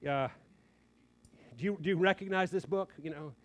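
Earnest older man preaching, higher voice. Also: normal speed. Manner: earnest, conversational, quoting others in lively asides. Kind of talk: sermon with personal story.

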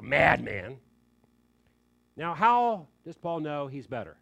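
A man preaching a sermon, emphatic and animated, dropping in quick joking asides. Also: on the high side, vocal fry.

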